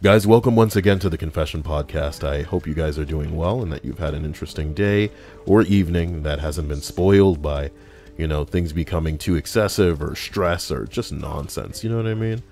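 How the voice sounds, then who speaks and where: Deep-voiced rambling streamer guy. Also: brisk, mellow. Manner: rambling, profane, many fillers. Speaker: podcast host and streamer. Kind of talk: casual chat while gaming and reading chat.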